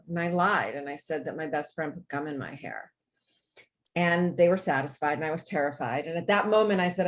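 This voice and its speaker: A woman's voice: low-pitched, moderate pace. A woman hosting a webinar from home over a video call, chatty and enthusiastic as she shares her own story and teaches. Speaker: webinar presenter. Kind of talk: friendly instructional talk with personal story. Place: home with dogs.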